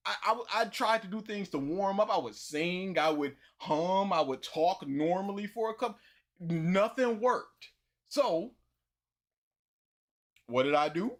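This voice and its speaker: A man's voice: high-pitched, measured pace. Chatty man telling a rambling story. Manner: rambling, animated storytelling with repetitions. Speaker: YouTuber hosting a livestream. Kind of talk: casual livestream chat.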